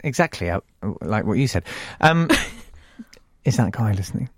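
A man's voice: on the low side, very animated, no echo, studio quality. A man hosting a casual radio chat, teasing his guest and stammering as he talks. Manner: teasing, halting, stammers and laughs. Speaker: radio host.

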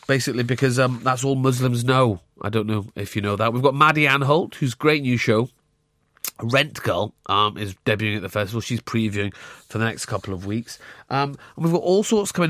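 In a dry studio with no room sound, a Glaswegian radio host with a medium-pitched, fairly bright voice banters casually. He's playful, joking with his co-hosts and teasing them.

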